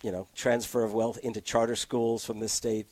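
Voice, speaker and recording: Animated man talking politics. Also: mid-range voice, no room sound. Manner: animated, argumentative, quick to laugh. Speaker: political commentator guest. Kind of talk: casual political discussion. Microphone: close studio mic.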